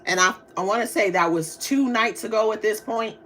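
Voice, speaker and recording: This is a woman hosting a casual live stream. She talks loosely and animatedly, reading viewer comments aloud and answering them in a mid-pitched, conversational voice. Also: normal speed, slight background noise. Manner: chatty, animated, reads chat aloud, slangy. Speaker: livestream host.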